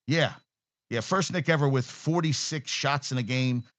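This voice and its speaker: A man's voice: medium pitch, normal speed, a bit bright, no echo. Profane, blunt man ranting about sports. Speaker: sports talk host. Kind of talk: casual sports rant.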